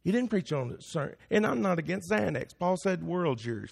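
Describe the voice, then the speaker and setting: A man's voice: high voice, lively intonation, fairly quick, creaky, slightly rough. A man preaching a sermon as pastor, building to emphatic peaks. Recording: long hall reverb.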